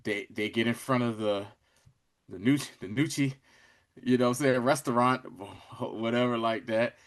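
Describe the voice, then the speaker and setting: A man's voice: medium pitch, steady tone, moderate pace. A young man in casual chat, animatedly retelling a show's scenes with slang and acted-out quotes. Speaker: podcast co-host reviewing a show. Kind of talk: casual chat recapping a show.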